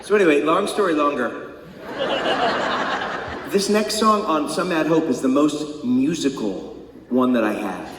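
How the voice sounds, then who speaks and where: A man's voice: fairly high pitch, expressive, a little slow, long pauses, very noisy. Laughing man telling stories on stage. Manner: laughing, profane, comic storytelling. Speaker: singer-songwriter performing live. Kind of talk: stage banter storytelling. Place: concert theater stage. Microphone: stage vocal mic. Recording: echoey hall from far off. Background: audience ambience.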